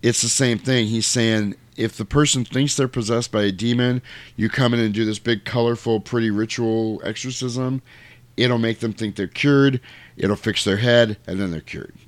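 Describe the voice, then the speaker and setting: A man's voice: mid-range voice, steady tone, normal speed, no room sound. A man on a podcast casually recapping a movie, acting out the characters' lines as he goes. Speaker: podcast co-host recapping a film. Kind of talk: casual chat.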